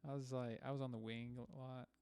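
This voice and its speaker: A young man with a gravelly, creaky voice at a middle pitch chats easily as a podcast co-host. He laughs often and throws in dude and bro. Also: little pitch movement, brisk, mellow, no room sound. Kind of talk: casual chat.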